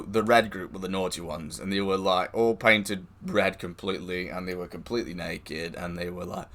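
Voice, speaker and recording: A man's voice: deep voice, a bit bright. A man streaming live, telling a rambling anecdote with lots of swearing, laughing and quoted voices. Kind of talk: casual storytelling.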